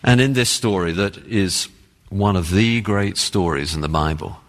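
A man's voice: deep voice, moderate pace, fairly bright tone, big-room sound. A man with an English accent, a pastor preaching an earnest, emphatic sermon. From England. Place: church sanctuary.

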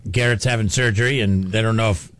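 A man's voice: lowish voice, fairly even intonation, quick pace, a bit bright. A man co-hosting a sports talk show, easygoing and agreeable in casual banter. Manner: easygoing, agreeable, laughs along. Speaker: sports radio co-host.

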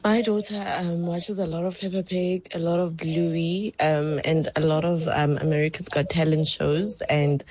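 A woman's voice: on the low side, fairly even intonation, moderate pace, few pauses, darkish tone, no echo. A woman, calling in to radio and giggling as she talks. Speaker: caller. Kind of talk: phone-in anecdote.

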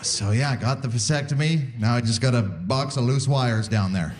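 On stage at a live comedy venue with an audience, a Canadian man in his forties performs a wry stand-up set. His medium-pitched voice moves at a moderate pace, and he stays animated, acting out little voices.

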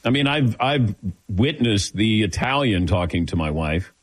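A man's voice: fairly low pitch, animated, a little slow, dry recording. A middle-aged man from the American Midwest hosting a sports talk radio show, chatting casually and telling stories with a chuckle. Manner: laid-back, chuckling, storytelling. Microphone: studio microphone.

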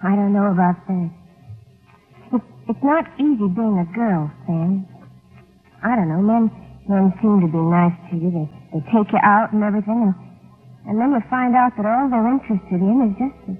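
An actress playing a gentle, scared young working woman who stammers and hesitates, in 1940s radio acting. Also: mid-range voice, normal speed, breathy edge, close to an everyday voice. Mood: hesitant. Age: young adult. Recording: tinny old radio broadcast, faint music.

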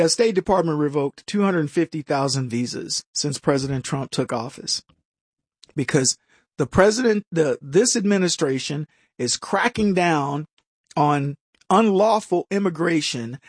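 A man's voice: a little high, breathy edge, no echo, studio quality. A man hosting a political talk show, sarcastic and mocking, who stumbles and restarts and laughs at his own jokes. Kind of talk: opinionated commentary monologue.

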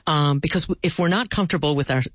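A woman's voice: deep voice, quick pace, no room sound, clean studio sound. A middle-aged woman who works in palliative care, speaking earnestly and telling stories with animation in a conversational interview. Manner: animated storyteller, earnest and direct.

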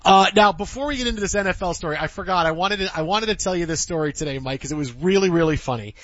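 A man in his fifties with a fairly high voice hosts a sports radio show in casual chat, spinning a rambling, animated story full of restarts. The studio sound is dry and a little dull. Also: fast talker, no echo. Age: 50s.

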